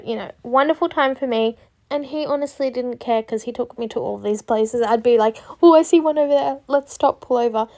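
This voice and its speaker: A young woman talks over her home vlog in a loose, chatty way, wandering off topic and laughing at her own forgetfulness. Her voice sits a little on the high side. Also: a little mellow. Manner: chatty and self-mocking, drifts off topic. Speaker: cleaning vlogger. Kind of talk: casual voice-over chat.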